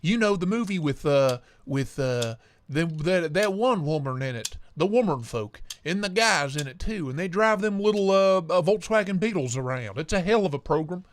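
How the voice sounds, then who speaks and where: A man's voice: fairly high pitch, lively intonation, slight background noise, lightly acted. A man doing a drawling old Southern grandpa. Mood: rambling. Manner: drawling, slow folksy rambling. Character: old male Southern grandpa back from the dead.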